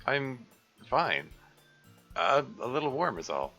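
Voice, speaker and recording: A man's voice: mid-range voice, very animated, takes it slowly, pushed and bright, highs cut off, soft background music, voice pushed up, full character voice. A man doing a flustered British schoolboy. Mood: awkward. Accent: put-on British. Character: shy British schoolboy protagonist, awkward and flustered. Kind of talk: voice-acting a visual novel.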